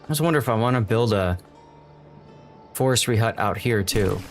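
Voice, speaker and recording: A man's voice: fairly low pitch, moderate pace, faint music behind. A man live-streaming a city-building game, thinking aloud and greeting his chat as he plays. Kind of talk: casual live-stream gameplay commentary.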